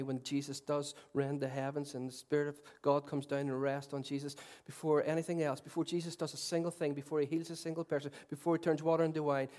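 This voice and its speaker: A middle-aged man preaching a sermon, earnest and swinging between loud declarations and soft, tender passages, with self-deprecating humour. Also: on the high side, little pitch movement, fairly quick, few pauses. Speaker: pastor.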